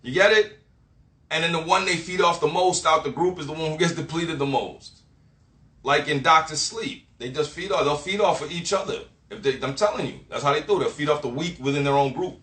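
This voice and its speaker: A man's voice: on the high side, a little fast. Fired-up profane man in an echoey room. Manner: animated, profane, slangy, mimics others with laughs and sound effects. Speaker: spiritual talk host. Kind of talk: casual monologue to viewers.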